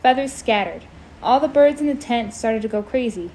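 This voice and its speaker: A woman reading a scary story aloud in a casual, expressive way, breaking off to chat. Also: fairly high pitch, moderate pace, a little hiss or hum, rough recording. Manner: chatty, expressive, breaks off to comment. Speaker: amateur audiobook reader. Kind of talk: casual read-aloud with commentary.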